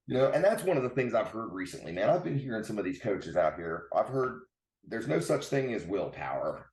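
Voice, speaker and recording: A man's voice: fairly low pitch, big pitch swings, a little fast, a little mellow. A man hosting a golf podcast, talking casually and emphatically, often tagging his points with "man" and "right.". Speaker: podcast host. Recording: roomy echo.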